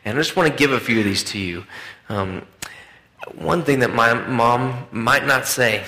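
A man's voice: mid-range voice, unhurried, sharp tone. A man preaching a conversational sermon to a congregation, with frequent restarts. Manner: conversational, hesitant, with many restarts. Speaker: pastor. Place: church hall. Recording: echoey church room.

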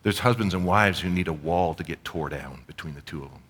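Middle-aged Canadian pastor, lowish voice, earnest conversational sermon. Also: male voice, a little fast, a bit bright, husky. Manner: earnest, conversational preaching with storytelling asides.

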